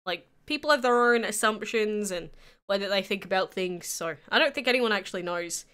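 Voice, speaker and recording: With a clear, resonant, fairly bright mid-range voice, a nineteen-year-old Englishwoman speaks fairly quickly on a livestream. The talk is casual as she responds to her chat's questions.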